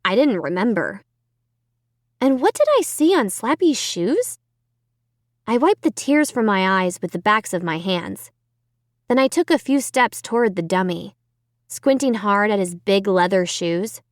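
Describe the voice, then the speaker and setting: A woman narrates a children's horror audiobook in the first person. She reads slowly, and her pitch rises and falls in a very lively way. The recording is dry and close to the mic. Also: no room sound. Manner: dramatic, expressive storytelling.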